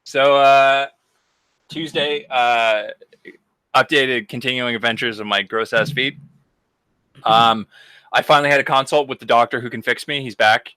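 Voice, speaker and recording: A man's voice: mid-range voice, steady tone, a little slow, long pauses, sharp tone, smooth, no echo. A man co-hosting a podcast, telling a story in a casual, profane way. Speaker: podcast co-host.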